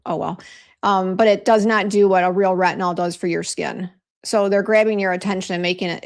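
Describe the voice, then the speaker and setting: A middle-aged skincare formulator hosts a casual livestream from her home office, speaking straight to viewers in a chatty, easily flustered way. Her voice is mid-range and creaky.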